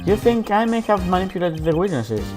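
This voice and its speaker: A man voicing a composed, formal prosecutor from a game, measured in his delivery. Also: sits high, big pitch swings. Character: cool, composed male prosecutor. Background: background game music.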